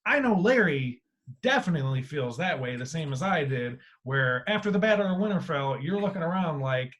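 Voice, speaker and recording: Man, podcast host, animated, swears a lot, fairly high voice. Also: moderate pace. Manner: animated, swears freely, swings loud and quiet. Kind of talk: casual podcast chat.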